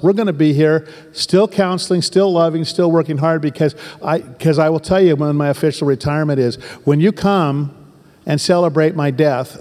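Emphatic older pastor preaching in a hall. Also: male voice, fairly high pitch, a little mellow. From southern Oregon. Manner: emphatic, repetitive preaching with folksy asides. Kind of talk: sermon.

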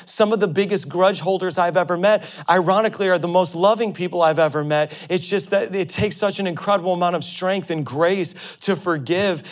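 In a church, a male pastor with a high voice preaches animatedly to his congregation. He acts out quoted voices and sometimes laughs along with the crowd.

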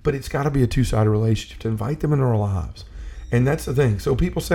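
A man's voice: mid-range voice, fast, creaky, mellow. A man talking earnestly in a casual conversation about faith, telling stories and often restarting his sentences. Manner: earnest storyteller, restarts and repeats himself.

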